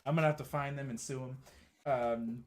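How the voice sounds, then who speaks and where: A man co-hosting a casual live-stream talk, telling anecdotes in an animated, joking way. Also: medium pitch, brisk, very noisy. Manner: animated storyteller, jokey, laughs often. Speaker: co-host. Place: home, joined remotely.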